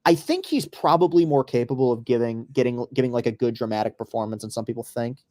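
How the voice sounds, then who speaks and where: A man's voice: mid-range voice, expressive, quick pace, mellow. A man hosting a casual podcast, chatting loosely over a live baseball game with profane, rambling asides. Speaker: podcast host.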